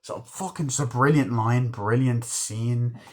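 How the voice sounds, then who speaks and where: A man's voice: medium pitch, unhurried. Male movie reviewer, casual and rambling, heavy swearing, mid-range voice. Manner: rambling, swears freely, retells scenes. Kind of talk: casual spoken film review.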